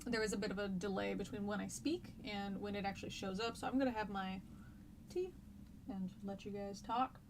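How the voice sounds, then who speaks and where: A woman's voice: mid-range voice, fairly even intonation, a little fast, noisy background. Chatty American woman teaching live. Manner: chatty and rambling, with frequent ums and laughs. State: stuffy nose and cough. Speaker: history teacher. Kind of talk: casual live-streamed lesson.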